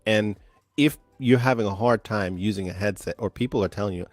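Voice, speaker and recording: Male co-host, low-ish voice, jokey conversational delivery, dry mic. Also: brisk, dry recording. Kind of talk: casual review chat.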